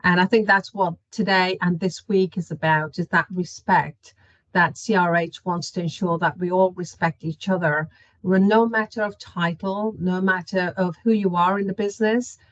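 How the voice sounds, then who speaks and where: An earnest woman speaks on a video call in a slightly low voice. The audio is dry and dull, like lo-fi call sound, and she acts out her own reactions as she talks. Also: fairly even intonation, moderate pace, no room sound. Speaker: panelist. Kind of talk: casual video-call discussion.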